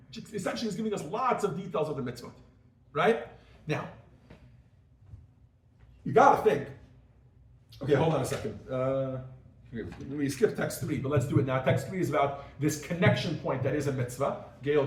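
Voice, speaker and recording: A man with a high, very lively voice teaches a class as a rabbi, jumping into quick acted-out scenes as he explains. He sounds far from the microphone in a room with a lot of echo. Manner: animated, acts out little scenes in different voices. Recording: echoey room, mic far off.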